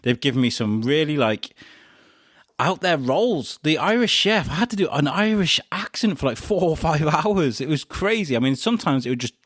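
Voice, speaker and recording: A man hosting a podcast, chatting casually and telling animated stories with frequent laughter. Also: fairly high pitch, moderate pace, dry recording, clean studio sound. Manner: animated storyteller, laughs often. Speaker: podcast host being interviewed. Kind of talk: casual chat.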